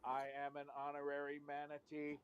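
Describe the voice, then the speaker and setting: A man voicing a male AI robot that writes storylines, with a slow, flat, machine-like delivery. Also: a little high, dull audio, very noisy, close to an everyday voice. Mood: robotic.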